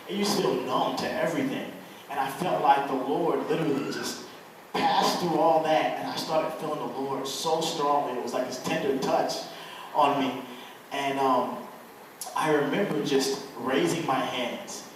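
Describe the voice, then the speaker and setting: A young man shares his testimony in an earnest, halting way, full of fillers and restarts. His voice sounds distant from the mic, in a very echoey room with a faint hiss behind it. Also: mid-range voice. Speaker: guest telling his testimony. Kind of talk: personal testimony to an audience.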